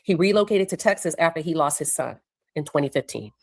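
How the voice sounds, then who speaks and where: A woman's voice: low voice, animated, fairly quick, a little mellow, no echo. A woman recapping courtroom testimony, acting out the witnesses' words. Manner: acts out quoted witnesses with raised voice. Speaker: courtroom reporter.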